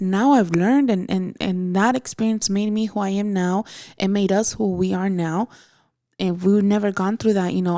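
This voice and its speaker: A young woman hosting a podcast, telling a personal story in a halting, emotional way with many fillers and restarts, often soft and breathy. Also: mid-range voice, no echo, clean studio sound. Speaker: podcast host.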